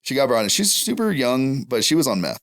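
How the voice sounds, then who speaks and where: A man's voice: medium pitch, sing-song, a little fast. A man on a podcast, telling long rambling stories in a casual chat and laughing through them. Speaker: podcast guest.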